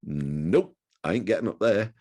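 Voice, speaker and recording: A man's voice: low-pitched, animated, measured pace, darkish tone. A man in his sixties, a guest telling chatty, self-deprecating stories in a casual interview. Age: 60s.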